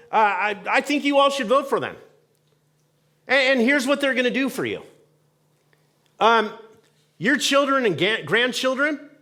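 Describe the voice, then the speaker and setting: A man preaching a sermon as pastor in a church, conversational and animated, acting out the voices in the story and asking the congregation questions. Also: sits high. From United States. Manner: animated, acts out voices of people and God in quotes. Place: church sanctuary.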